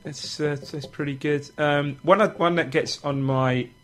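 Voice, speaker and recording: A man's voice: a little high, steady tone, a little slow, slight background noise. A man on a football show panel, chatting in a rambling way and readily agreeing with the others. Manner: rambling, many fillers and restarts, agreeable. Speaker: panel pundit. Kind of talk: casual studio chat.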